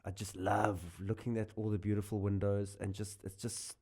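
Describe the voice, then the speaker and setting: A man with a South African accent, a guest comedian chatting on a podcast. He is animated and jokey, often restarting his sentences. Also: on the low side, normal speed. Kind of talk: casual podcast chat.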